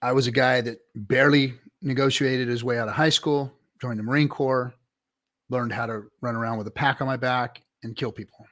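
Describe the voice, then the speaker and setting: A man's voice: mid-range voice, fairly even intonation, normal speed, fairly bright tone. A man in a casual livestream debate, explaining his view emphatically and step by step.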